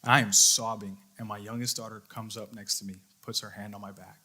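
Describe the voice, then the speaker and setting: A man's voice: on the low side, little pitch movement, a little fast, hardly any pauses, sharp tone. A young adult man, a youth leader, giving a sermon, telling a personal story in an earnest way and acting out his own thoughts. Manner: earnest storytelling with quoted inner voice.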